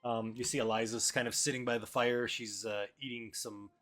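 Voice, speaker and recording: A man narrating as game master in a relaxed, hesitant way with many fillers. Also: medium pitch, moderate pace. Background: background music.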